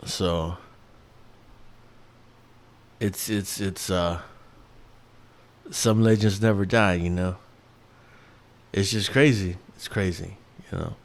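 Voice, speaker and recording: A man's voice: low voice, steady tone, slow, long pauses. A man in his thirties, from New York, hosting a casual solo podcast, rambling with lots of restarts and fillers and swearing freely. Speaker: podcast host.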